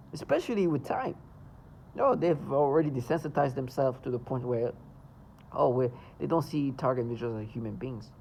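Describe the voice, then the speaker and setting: A man's voice: medium pitch, vocal fry, a little mellow, slight background noise, low-quality recording. A man delivering an agitated, insistent monologue to his viewers, rambling and emphatic. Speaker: vlogger.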